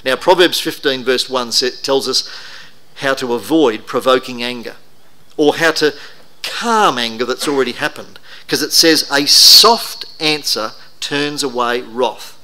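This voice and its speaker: Middle-aged man preaching, bright voice, chatty storytelling style. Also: mid-range voice, normal speed. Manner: conversational, anecdotal, self-deprecating. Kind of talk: sermon talk.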